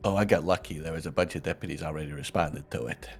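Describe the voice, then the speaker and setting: Very deep, gravelly-voiced man. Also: racing, soft background music. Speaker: roleplayer. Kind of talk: in-character roleplay chat.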